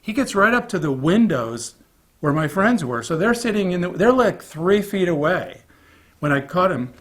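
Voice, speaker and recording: A man in an interview, telling a behind-the-scenes story in a casual, animated way and acting out other people's lines. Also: high voice, normal speed. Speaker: film crew member recalling a production.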